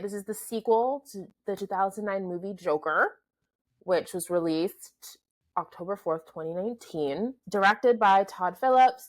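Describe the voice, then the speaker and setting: A woman co-hosting a film review podcast, chatting casually and reading background notes. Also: medium pitch. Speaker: podcast co-host. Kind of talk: casual chat.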